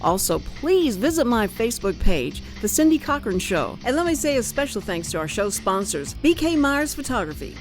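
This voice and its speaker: A woman's voice: fairly high pitch, sing-song, moderate pace, hardly any pauses, soft background music. A woman hosting a talk radio show, chatting animatedly and laughing often.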